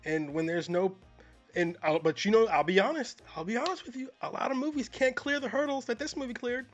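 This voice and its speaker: A man co-hosting a film review podcast, chatting casually in a dry, deadpan, long-winded way. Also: extremely high pitch, a little fast, faint music behind. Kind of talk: casual chat. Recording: dull lo-fi audio.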